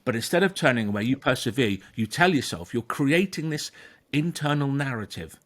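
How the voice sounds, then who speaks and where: Brief: male therapist, emphatic explainer, average pitch. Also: fairly quick. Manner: animated, emphatic, acts out inner voices. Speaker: therapist and podcast host. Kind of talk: conversational explanation.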